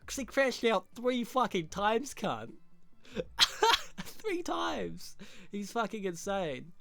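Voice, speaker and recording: A man's voice: high-pitched, sing-song, slow, gravelly, noisy background. A young man recapping a show in casual, crude, laughing commentary full of slang. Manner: crude, laughing, rambling slang-heavy talk. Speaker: show reviewer.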